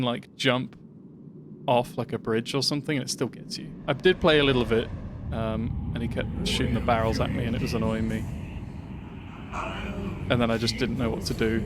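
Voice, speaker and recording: A man's voice: mid-range voice, noisy background. A man streaming a video game, giving chatty, rambling live commentary as he plays. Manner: chatty, rambling, easily sidetracked. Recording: loud game music behind.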